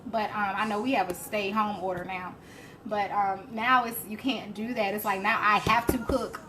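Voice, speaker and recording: A woman's voice: mid-range voice, steady tone, normal speed. A woman hosting a live cooking stream, chatting and laughing as she answers viewer comments. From Alabama, US. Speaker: cooking show host. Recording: faint background noise.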